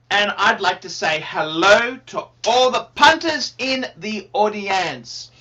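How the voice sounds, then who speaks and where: A man hosting a livestream in a casual, rambling, excitable way, repeating himself and swearing now and then. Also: sits high, highs cut off. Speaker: livestream host.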